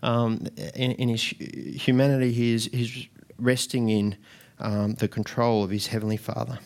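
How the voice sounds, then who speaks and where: A man's voice: mid-range voice, flat delivery, moderate pace, a little mellow. A man preaching a sermon in an earnest way, often restarting and repeating words as he goes.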